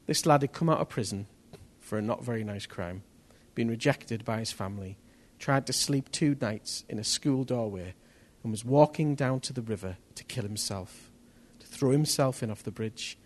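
A man preaching a testimony sermon, telling his story in an animated way that rises to near-shouts at the tense moments. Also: medium pitch, normal speed.

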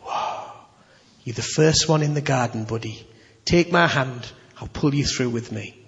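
A preacher delivering an animated, conversational sermon with emphatic questions to the congregation. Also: male voice, medium pitch, normal speed. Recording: echoey hall, slightly dull.

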